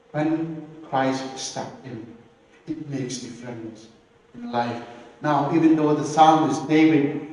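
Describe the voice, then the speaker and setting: Man, pastor, sermon, slow earnest preaching, mellow tone, echoey hall, distant mic. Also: a little high. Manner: slow, earnest preaching with repeated phrases and emphatic rises. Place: church hall.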